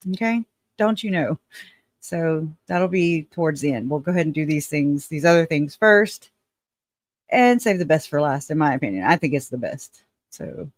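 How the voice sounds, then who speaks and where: A woman's voice: sits low, no room sound. A woman hosting a casual live stream, chatty and laughing often as she talks to her viewers.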